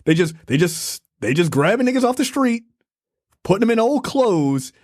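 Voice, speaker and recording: Animated high-voiced man reviewing a movie. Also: normal speed, no room sound, clean studio sound. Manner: animated, profane, laughing. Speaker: podcast co-host. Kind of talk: casual review chat.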